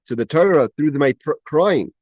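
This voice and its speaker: A man's voice: a little high, lively intonation, normal speed, darkish tone, no room sound. A man teaching a class on a Chassidic text, reading Hebrew phrases and translating each one, with frequent restarts and emphatic rising questions. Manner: reads Hebrew phrases, then translates them. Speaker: Torah teacher. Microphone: video call.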